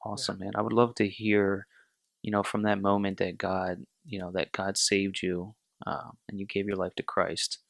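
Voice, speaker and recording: Low, flat-voiced podcast host. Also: male voice, moderate pace, creaky, no room sound. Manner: encouraging, affirming. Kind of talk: casual podcast chat.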